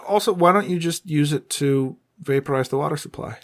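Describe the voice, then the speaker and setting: A man co-hosting a podcast in casual chat, making dry, deadpan jokes. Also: on the high side, a little fast. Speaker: podcast co-host.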